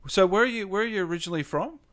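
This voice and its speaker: A man hosting a live-stream gaming interview, chatty, excitable and informal, talking over a video call. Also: sits high, racing. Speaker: gaming show host. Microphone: home microphone on a video call.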